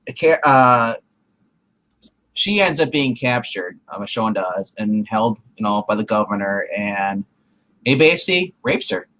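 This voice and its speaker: A man's voice: on the low side, animated, measured pace, fairly bright tone. A man co-hosting a comic review, talking casually with many fillers. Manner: filler-heavy, chatty. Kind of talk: casual chat.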